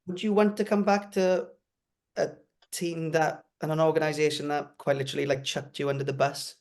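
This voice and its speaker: A man's voice: a little high, level tone, a little fast, darkish tone. A man chatting as a podcast guest, raising questions in a conversational tone. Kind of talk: casual chat.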